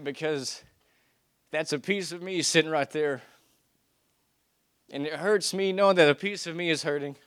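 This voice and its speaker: A man's voice: a little high, smooth. A young man giving a heartfelt sermon, reading scripture aloud and speaking earnestly, often restarting his phrases. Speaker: preacher.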